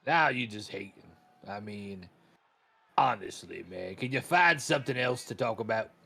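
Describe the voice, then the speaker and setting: A man's voice: fairly low pitch, lively intonation, moderate pace, creaky, sharp tone. A man commentating wrestling in slangy, hyped banter, backing his favorite. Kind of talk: casual play-by-play banter.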